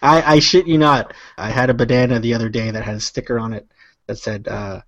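A man's voice: medium pitch, steady tone, brisk, no room sound, muffled recording. A man co-hosting a casual podcast, rambling through stories with a laugh. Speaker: podcast co-host.

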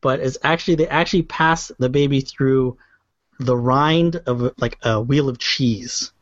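A man's voice: mid-range voice, unhurried, no echo. A man hosting a casual quiz game, joking and laughing easily. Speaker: quiz host. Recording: dry, dull sound.

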